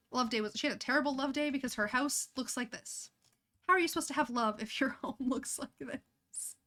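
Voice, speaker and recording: A woman's voice: a little high, fairly bright tone. A young woman chatting casually as she streams a life-sim game, talking to her characters and laughing often. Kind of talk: casual gameplay commentary.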